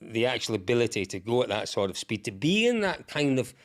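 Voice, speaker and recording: A man who is a guest on a podcast, telling vivid, excitable stories in casual chat and swearing freely. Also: mid-range voice, fairly quick. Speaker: podcast guest, rally commentator. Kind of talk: animated storytelling in casual chat.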